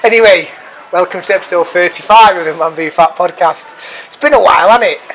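A man's voice: sits high, brisk, a bit bright, slight background noise, poor audio. A man co-hosting a casual podcast, chatty and given to repeating himself, recorded sitting in a pub restaurant. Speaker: podcast co-host.

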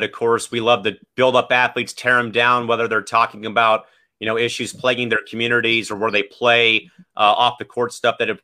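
Bright-voiced young male sports show host. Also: mid-range voice. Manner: upbeat, addresses the audience as folks. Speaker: podcast host. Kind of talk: casual sports talk.

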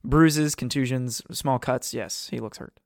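A man guiding a tabletop game as its game master, narrating the scene at a middling pitch. His delivery is casual and easygoing, heard close and dry with no room around it. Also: measured pace, gravelly, darkish tone, dry recording.

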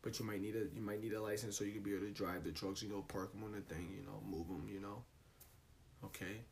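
A man's voice: on the low side, steady tone, fast talker, creaky, a little mellow, slight background noise. A young man, hosting a casual solo podcast and ranting in a loose, profane, rambling way. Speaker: podcast host.

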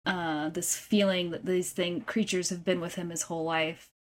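A woman's voice: lowish voice, little pitch movement, moderate pace. A woman co-hosting a podcast, chatting casually about a film, often agreeing, laughing, and searching for words. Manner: agreeable, giggly, hesitant. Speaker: podcast co-host. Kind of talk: casual movie review chat.

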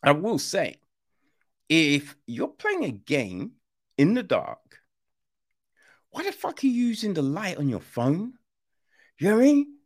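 A man hosting a film podcast, reviewing a movie in loose, slangy casual chat, acting out quoted lines and leaning on fillers. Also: high voice. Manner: animated, slangy, acts out quoted lines in other voices; drawn-out, loose delivery with many fillers.

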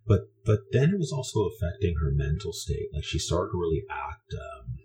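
A man's voice: low-pitched, sing-song, moderate pace, noisy background. A man from Canada telling a personal story in a meandering, conversational way, often restarting his sentences.

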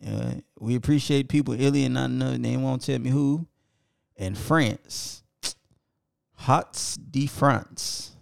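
A man's voice: mid-range voice, moderate pace, gravelly, a little mellow, no room sound, clean studio sound. A man co-hosting a podcast, casually reading out listener locations and apologizing when he stumbles over foreign names. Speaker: podcast co-host.

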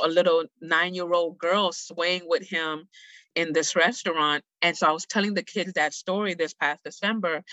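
A middle-aged woman speaking as a guest, telling a personal story in an earnest, heartfelt, animated way. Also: lowish voice, no room sound, low-quality recording.

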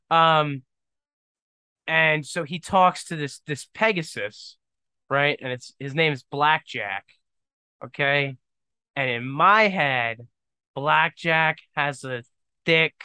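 A young man hosting his own podcast, thinking out loud in a rambling, self-deprecating and joking way. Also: a little high, smooth, dry recording. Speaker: podcast host. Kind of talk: casual solo podcast monologue.

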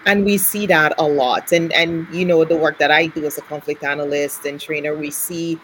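Female host and conflict analyst, attentive and affirming, notably deep voice. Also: steady tone, normal speed, a bit bright, slight background noise, low-quality recording. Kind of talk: conversational interview.

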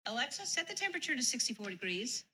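A woman's voice: high voice, big pitch swings, quick pace, bright, forceful tone, heavily acted. An actress in a TV commercial playing a woman giving orders to her smart speaker. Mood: insistent. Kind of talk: TV commercial acting.

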